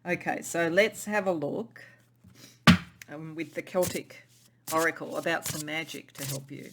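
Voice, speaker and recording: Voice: mid-range voice, unhurried, very noisy. A tarot reader giving a pick-a-card reading in an intuitive, musing way, often repeating and restarting phrases.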